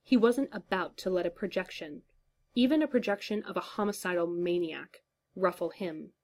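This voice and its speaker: Woman reading a story, low-pitched. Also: moderate pace, a little mellow. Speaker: story reader. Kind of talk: reading fan fiction aloud.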